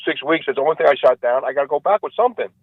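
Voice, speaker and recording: A man's voice: on the high side, animated, rapid-fire, breathy edge, no room sound, narrow, tinny audio. A man voicing a desperate male city hunter who pleads and sounds exasperated. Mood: pleading.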